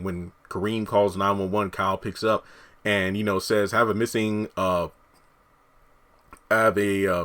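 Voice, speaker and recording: Low-voiced guy recapping a tv episode, rambly, lots of ums and you knows. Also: bright, forceful tone. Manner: rambling, many fillers and restarts. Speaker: TV episode reviewer.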